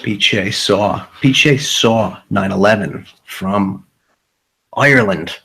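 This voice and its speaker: A man with a fairly low voice who talks very slowly, hosting a casual livestream. He rambles, swears freely and repeats phrases as he goes. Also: vocal fry, sharp tone, slight background noise, poor audio. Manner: rambling, profane, repeats himself. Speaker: livestream host.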